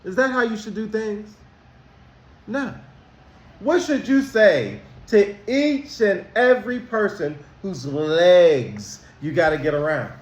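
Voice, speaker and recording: Slow, expressive man counselor, roomy echo. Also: sits high. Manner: slow, emphatic, asks questions. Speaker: school counselor. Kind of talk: talking to students.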